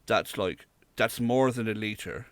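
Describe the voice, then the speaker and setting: A man from Southwest England co-hosts a casual podcast, his voice on the low side and his pace slow. He's dry and rambling, with plenty of fillers, and there's no room sound.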